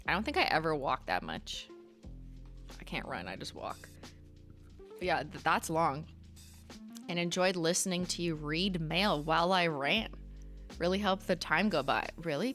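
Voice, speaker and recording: Woman, low voice, streamer host; casual, dry and amused, light music bed. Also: fairly bright tone. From Canada. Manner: chatty, wry asides, frequent laughs. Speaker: host reading viewer mail. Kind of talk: casual livestream chat.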